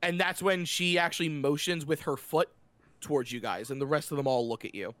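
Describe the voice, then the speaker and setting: A man's voice: on the high side, fairly quick, a bit bright, no echo. A man narrating a tabletop game as game master, talking casually and describing scenes loosely with fillers and restarts.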